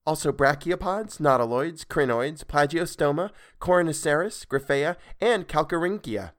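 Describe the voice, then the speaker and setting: A man voicing a prim, bossy young English girl who lists fossils in a high, careful schoolgirl lilt. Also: normal speed, close to an everyday voice. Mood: eager listing.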